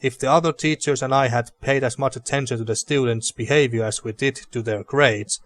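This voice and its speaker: A man voicing an older male teacher, gentle and pleading, in a measured, earnest reading of game dialogue. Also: medium pitch, fairly even intonation, no echo, natural voice.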